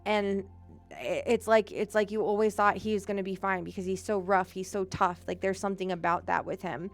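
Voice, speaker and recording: A young woman giving a psychic reading on a live stream, gentle and emotional, choked up and rambling with many fillers. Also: medium pitch, level tone, fairly quick, soft background music. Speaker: psychic medium.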